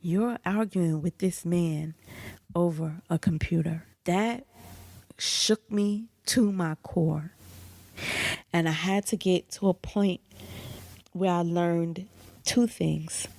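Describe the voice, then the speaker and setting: A woman in her thirties, a psychotherapist from the United States, telling a personal story in a candid, animated way and acting out the voices she quotes. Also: fairly low pitch, slow, pauses often, no room sound.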